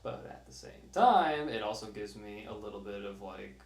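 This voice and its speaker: A man's voice: lowish voice, normal speed, creaky, echoey room. Swearing, ranting male podcast co-host. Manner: animated, swears a lot, ranting. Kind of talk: casual chat.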